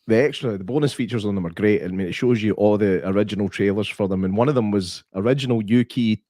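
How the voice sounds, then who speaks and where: A man's voice: lowish voice, quick pace, no echo, clean studio sound. Chatty man telling a story with laughs. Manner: animated storyteller, laughs easily. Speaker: podcast co-host. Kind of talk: casual chat.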